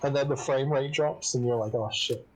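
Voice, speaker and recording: A man with a husky, slightly raspy voice, chatting casually with friends. He pushes a pedantic point and argues it through. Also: medium pitch, steady tone, a little fast, darkish tone, poor audio.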